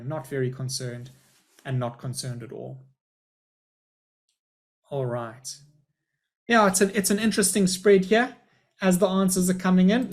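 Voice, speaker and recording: Man, middle-aged, school principal, webinar presenter, upbeat, chatty, fairly high voice, video call.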